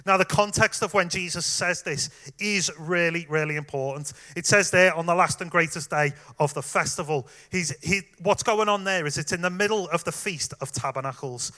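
Bright-voiced man preaching a sermon. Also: sits high, moderate pace, few pauses. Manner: conversational, warm direct address with fillers.

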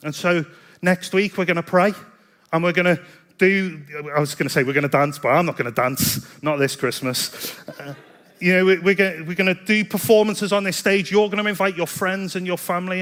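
A man's voice: sits high, steady tone, fairly quick, a bit bright. A man preaching a sermon in a chatty, self-deprecating storytelling way. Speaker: pastor.

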